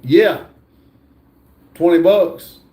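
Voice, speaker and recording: Older guy reading chat on his stream, real slow, kinda mellow, bit of room echo. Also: high voice. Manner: slow, laid-back reading of comments aloud. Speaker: livestream host reading chat. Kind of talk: casual livestream chat.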